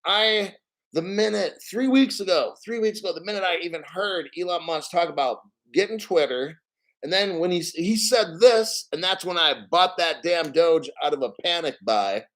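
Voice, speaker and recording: A man's voice: high voice, expressive, moderate pace, a bit bright. A man hosting a crypto livestream, chatting casually and rambling, swearing freely and greeting viewers by name. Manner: rambling, profane, reads chat names aloud. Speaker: crypto channel host.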